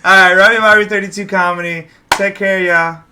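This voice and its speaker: A man hosting a casual podcast chat, telling animated stories and swearing freely. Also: sits high, moderate pace, noisy background. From Los Angeles. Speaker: podcast host.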